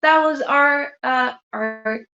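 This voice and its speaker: A woman's voice: sits high, slow, gravelly, pushed and bright. A woman casually telling funny family anecdotes to her mother and laughing often. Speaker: family member sharing memories. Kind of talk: casual storytelling. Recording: echoey room, dull sound.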